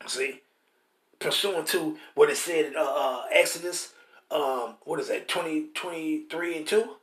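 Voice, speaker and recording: A man's voice: a little high, a little slow, fairly bright tone. A man preaching scripture in an emphatic, repetitive way, stumbling over words as he restarts sentences. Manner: emphatic and repetitive, keeps asking "See?"; stammers and restarts while hunting for words. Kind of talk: street-style scripture teaching. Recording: roomy echo.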